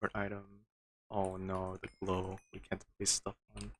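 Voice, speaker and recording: A man's voice: low-pitched, monotone, moderate pace, a bit bright. A man streaming a game, muttering to himself with frustrated, disbelieving outbursts. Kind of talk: casual gameplay commentary.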